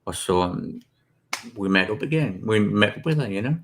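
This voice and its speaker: A man's voice: fairly low pitch, expressive, moderate pace, a little hiss or hum. A British man, an author and guest, telling rambling stories with many ums and restarts. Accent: British English. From Britain. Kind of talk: casual interview storytelling.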